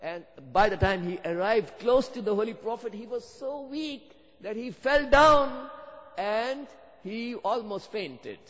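Preacher with a long hall echo. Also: male voice, very high voice, lively intonation, a little slow, fairly bright tone. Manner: storytelling, rising to fervent emphasis. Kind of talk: sermon. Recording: dull sound with long hall reverb.

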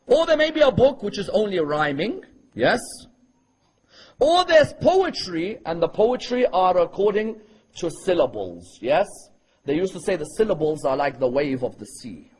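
A man preaches to a gathered audience, tossing out rhetorical questions and checking they follow along. His voice is pitched high with a husky edge. Now and then he breaks into brisk chanted recitation of Arabic verses. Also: very animated, darkish tone, rough recording. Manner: talks to a live audience with frequent rhetorical questions. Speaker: Islamic preacher. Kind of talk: sermon.

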